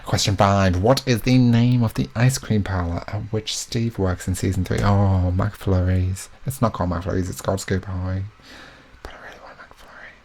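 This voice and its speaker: A man's voice: sits low, fairly even intonation, normal speed, few pauses, a little mellow, slight background noise. A young man hosting a live quiz, chatty and joking, with self-mocking asides between questions. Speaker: quiz host.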